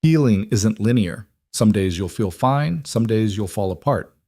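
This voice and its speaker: Patient, protective man, played by the narrator, low, calm, reassuring. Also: measured pace, dry recording, clean studio sound.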